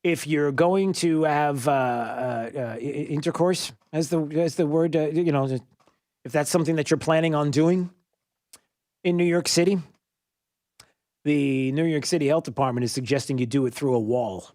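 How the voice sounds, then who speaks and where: A male talk radio host giving an animated monologue full of fillers and sarcastic asides. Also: fairly high pitch, moderate pace, no room sound, clean studio sound.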